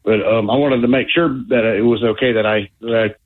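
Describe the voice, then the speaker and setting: A man's voice: lowish voice, fairly even intonation, brisk. A man calling into a radio show, rambling and hesitant with many fillers. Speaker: caller. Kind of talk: phone call to a radio show. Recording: tinny phone line.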